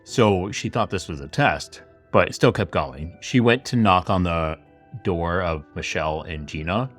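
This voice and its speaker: A man's voice: low voice, unhurried, faint music behind. A man hosting a podcast, telling a true crime story in a chatty, casual way with lots of asides. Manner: chatty retelling full of "like" and asides. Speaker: podcast host. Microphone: camera-facing setup.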